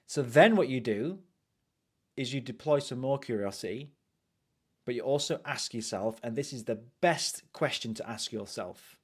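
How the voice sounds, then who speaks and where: A man with a British accent giving a casual live coaching talk, conversational and repetitive, often saying "you know". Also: medium pitch. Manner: conversational, repeats phrases, frequent "you know".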